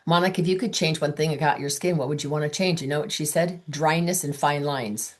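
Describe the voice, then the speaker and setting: A woman's voice: low-pitched, fairly even intonation, fairly quick. A middle-aged woman coaching direct sales consultants, telling chatty stories and acting out both sides of her phone calls and texts. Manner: chatty storytelling, quotes both sides of conversations. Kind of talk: training talk with acted-out dialogue.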